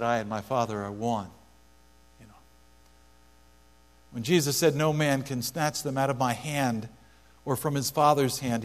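A man preaching a Sunday sermon in a church, his voice pitched a little high and landing firmly on each repeated phrase. The sound rings with long hall reverb, and a faint electrical hum runs underneath. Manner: emphatic, repeats key phrases for stress. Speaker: pastor.

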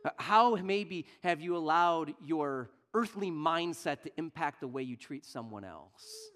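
A man preaching a sermon earnestly, dropping to near-quiet and rising loud for emphasis. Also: fairly high pitch, huge pitch swings, measured pace.

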